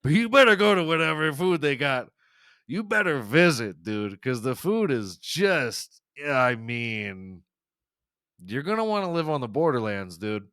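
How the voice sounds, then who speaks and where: A man's voice: medium pitch, very animated, measured pace, bright, forceful tone, clean tone, dry recording, studio quality. A man hosting a podcast, delivering a rambling, profane, sarcastic comedic rant. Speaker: podcast host. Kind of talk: comedic ranting monologue.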